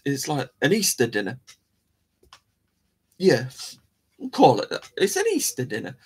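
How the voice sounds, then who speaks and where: Rambling male host, husky tone, casual and self-deprecating. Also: medium pitch. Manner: rambling, chatty, self-mocking. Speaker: live show host. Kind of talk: casual live-stream chat.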